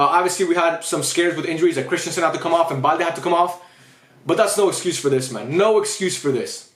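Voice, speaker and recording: A man's voice: sits high, echoey room. A man giving an angry, frustrated post-match rant as a football fan, swearing often and sounding upset.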